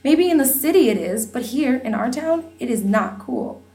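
A woman narrating an audiobook, voicing an upset teenage adopted daughter who speaks high and tearful. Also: expressive, moderate pace, warm tone, natural voice. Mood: defiant. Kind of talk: audiobook reading.

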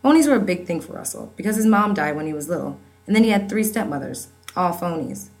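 A woman's voice: on the low side, animated, fast, a little mellow, poor audio. A woman narrating an audiobook in a wry, conversational storytelling manner.

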